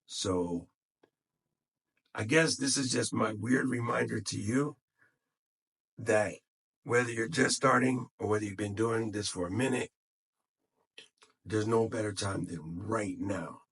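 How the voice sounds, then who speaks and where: Recording on his phone, a man talks casually to camera to encourage other podcasters, motivational but loose and unscripted, his voice tired. It sits lowish, creaky and husky, a bit bright, at a measured pace with long pauses.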